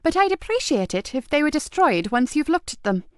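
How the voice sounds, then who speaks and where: A woman's voice: high voice, big pitch swings, a little fast, no echo, clean studio sound, voice pushed up. A woman reading an audiobook, voicing a chatty, protective middle-aged wife who sounds eager and a little fussy.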